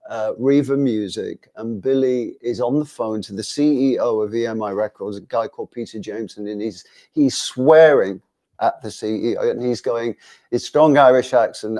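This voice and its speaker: A man in his sixties chats through his stories as an interview guest. He talks at a mid pitch and brings the people in his anecdotes to life. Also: moderate pace, warm tone. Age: 60s. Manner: chatty anecdotal, acts out quotes. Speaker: guest musician. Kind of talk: casual interview storytelling.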